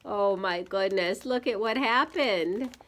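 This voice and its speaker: A woman reading a picture book aloud to young children, pausing to ask them gentle teacherly questions. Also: mid-range voice. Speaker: storyteller for children.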